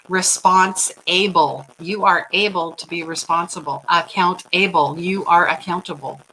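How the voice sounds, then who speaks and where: A middle-aged woman hosting a casual talk to her viewers, chatty and animated, laughing often and checking in with "right?". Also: fairly low pitch, slight background noise, low-quality recording. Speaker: host of a livestream on personal growth.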